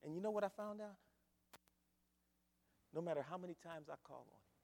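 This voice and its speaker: An older man preaching a sermon, swinging between loud fervent calls and low hushed asides. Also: huge pitch swings, brisk, pauses often, big-room sound. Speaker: pastor.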